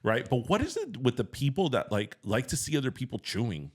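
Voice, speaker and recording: A man co-hosting a podcast in casual chat, animated and laughing often. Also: mid-range voice, a little fast, husky. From Miami, United States. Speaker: podcast co-host.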